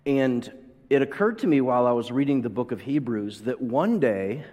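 Storytelling pastor in a reverberant hall. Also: male voice, mid-range voice, animated, normal speed, a little mellow. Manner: storytelling, acts out quoted voices, builds to emphatic peaks. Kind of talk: sermon with personal story. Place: church hall.

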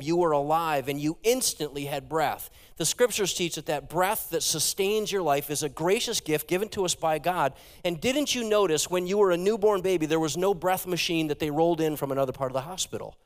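Animated pastor preaching in a reverberant church. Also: male voice, fairly high pitch. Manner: animated, engages the congregation directly. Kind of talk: sermon. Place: church sanctuary. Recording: long hall reverb.

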